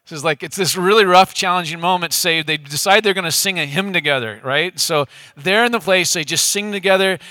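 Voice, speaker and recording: A male pastor preaching in a relaxed, conversational way. He often checks in with his audience through quick questions. His voice is bright and fairly high, and it sounds close and dry. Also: no room sound. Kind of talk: casual sermon. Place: church room with an audience.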